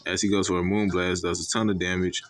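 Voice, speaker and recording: A man's voice: low-pitched, flat delivery, quick pace, faint music behind. A young man giving casual, profane commentary on his own competitive games, brash and full of fillers. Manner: brash, profane trash-talk with frequent fillers. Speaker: gaming commentator.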